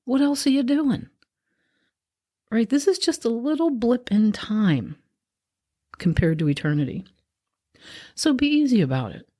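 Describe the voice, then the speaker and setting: A woman hosting a podcast, talking through a reflective spiritual monologue in a gentle, musing, conversational way. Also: medium pitch. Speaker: podcast host.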